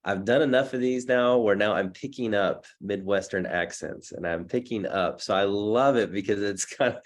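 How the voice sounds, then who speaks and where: A man in his thirties giving a rambling, chatty talk over a video call from a dark hotel room, with lots of fillers and restarts. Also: on the low side, normal speed. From Texas. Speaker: guest speaker.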